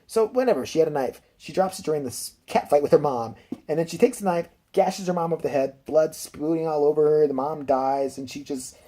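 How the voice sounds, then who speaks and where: A man's voice: a little high, brisk, dark tone. A man recapping a film in a rambling, profane, casual way with laughing asides. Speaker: film reviewer.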